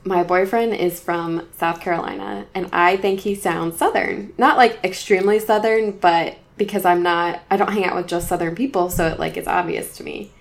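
A woman from Arizona and the American South co-hosting a casual podcast chat, laughing often in a relaxed, joking way. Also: fairly low pitch, normal speed, gravelly, few pauses. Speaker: podcast co-host.

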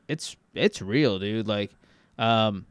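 A Texan podcast co-host chats casually, rambling with lots of fillers and restarts. His voice is lowish, slow, clear, and resonant, in a dry recording.

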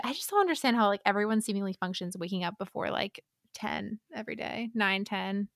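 A woman's voice: medium pitch, a little fast, creaky, a bit bright, dry recording, studio quality. A young woman co-hosting a podcast, chatting casually and laughing often as she recaps a story and acts out the characters' lines. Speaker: podcast co-host. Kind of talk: casual chat recapping a novel.

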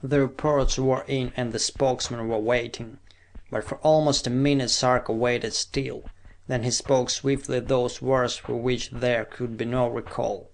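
A man reading a science fiction audiobook in measured, steady scripted narration. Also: mid-range voice.

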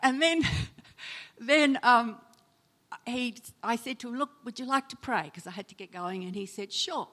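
Woman, preacher, storytelling sermon, fairly high voice, dramatic swings in loudness. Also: moderate pace. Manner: storytelling, acts out quoted voices with sudden loud emotional lifts. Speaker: preacher and chaplain. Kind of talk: sermon with personal stories.

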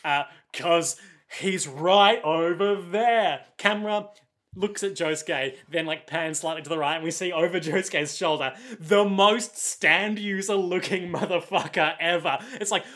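A man co-hosting a casual anime recap, narrating scenes in a dry, deadpan way with jokey asides. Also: high voice, measured pace. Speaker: podcast co-host.

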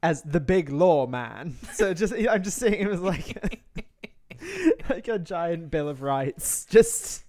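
Male podcast co-host, casual banter, dry jokes, slightly higher-pitched voice. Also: big pitch swings, a little mellow. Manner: wry, joking, quick to laugh. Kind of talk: casual comedic book discussion.

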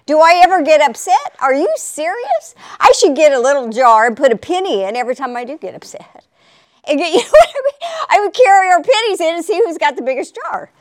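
A woman's voice: high-pitched, big pitch swings, fairly quick. A woman preaching in a chatty, conversational way on a faith talk show, laughing often and asking for an Amen.

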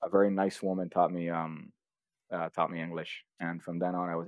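Low-voiced joking man on a call. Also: brisk, dry recording. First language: Spanish. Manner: animated, joking, does mock voices. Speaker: podcast guest. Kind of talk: casual chat.

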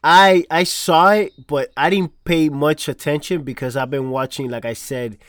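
A man co-hosting a casual chat, talking in a relaxed, trailing way with jokes. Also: fairly high pitch, moderate pace, no echo, clean studio sound. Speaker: podcast co-host.

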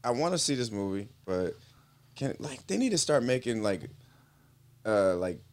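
A man's voice: medium pitch, big pitch swings, moderate pace. Rambling man full of "like"s. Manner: rambling with many fillers. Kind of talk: casual group chat.

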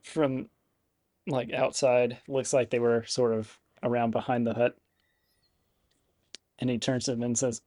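Slow, halting male game master. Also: medium pitch, little pitch movement, a little mellow, dry recording, clean studio sound. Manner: halting, full of fillers and restarts. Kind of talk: narrating a tabletop game.

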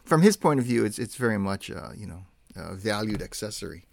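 A man chats casually about gadgets as a podcast co-host, his voice gravelly and his pitch bouncing around a lot. He rambles and restarts his sentences with plenty of fillers. The sound is dry and close. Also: expressive, fairly quick, dry recording. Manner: chatty, rambling, self-correcting with many fillers. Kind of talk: casual tech chat.

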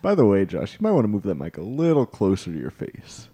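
A man's voice: lowish voice, huge pitch swings, quick pace, dark tone, husky. A man hosting a casual podcast, blunt and bossy with his co-hosts. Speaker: podcast host.

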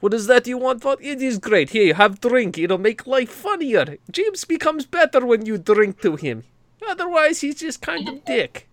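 A man's voice: very high-pitched, sing-song, normal speed, a bit bright, no echo, voice pushed up, exaggerated voice. A man putting on a hearty mock Russian accent to play a jovial man welcoming guests in broken English.

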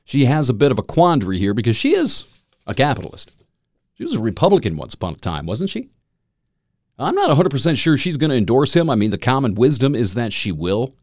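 A man's voice: mid-range voice, huge pitch swings, brisk, darkish tone, dry recording, studio quality. A man hosting a solo podcast, talking in a loose, rambling, wry way and chuckling at his own jokes. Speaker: podcast host. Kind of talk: casual solo podcast monologue.

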